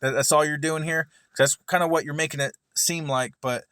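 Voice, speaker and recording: A man's voice: a little high, steady tone, a little fast, fairly bright tone, smooth, dry recording, clean studio sound. A man giving heated, profanity-filled commentary, often stammering and repeating words as he reacts to a recorded argument. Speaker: streamer reacting to a recorded debate.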